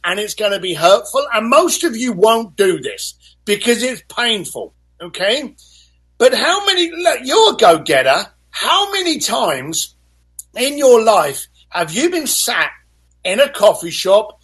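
A man's voice: high voice, breathy edge. A man speaking as a guest in an interview, telling motivational stories energetically and acting out other people's lines. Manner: animated storyteller, acts out voices. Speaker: guest author.

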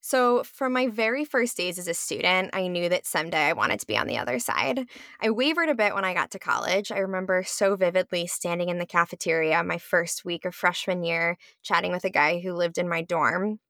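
Gravelly-voiced teacher telling a personal story. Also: female voice, on the low side, fairly quick, a bit bright, dry recording, clean studio sound. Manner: conversational, with frequent ums and likes. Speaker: public school teacher. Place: her home.

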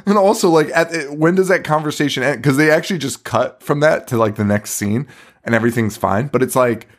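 A man's voice: medium pitch, a little fast. A man co-hosting a podcast, recapping a horror movie in casual chat, swearing and laughing as he acts out lines. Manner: profane, laughing, acts out quotes. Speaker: podcast co-host.

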